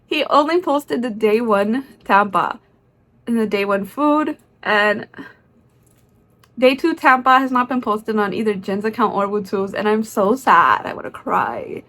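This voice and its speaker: A woman narrating a casual vlog in a chatty, excitable way, full of fillers like "um" and "like.". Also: mid-range voice, measured pace. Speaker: concert vlogger.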